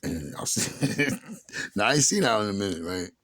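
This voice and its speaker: A man's voice: on the low side, expressive, normal speed, a bit bright. A man telling a personal story in a casual, slangy and profane way, acting out what other people said. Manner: streetwise, slangy and profane, acts out others' lines.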